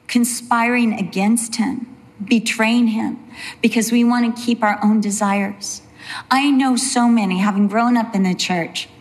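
Woman, mid-pitch, earnest Bible study teacher who slows down for emphasis and takes chatty detours.

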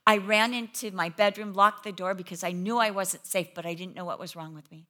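A middle-aged woman preaches a sermon with a bright, forward voice. She tells her story with animated energy. She acts out her own panicked words as she goes. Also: mid-range voice, fairly quick. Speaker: preacher, pastor's wife.

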